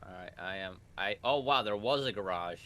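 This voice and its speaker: A man's voice: lowish voice, moderate pace, a bit bright. A man playing along on a gaming video, teasing his friend in casual chat and swearing often. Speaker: co-player.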